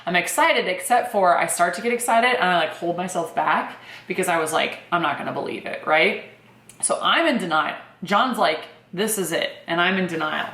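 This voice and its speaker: Chatty young woman in an echoey room. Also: fairly low pitch. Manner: chatty, animated, many fillers like "like" and "um". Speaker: vlogger telling her birth story. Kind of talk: casual storytelling.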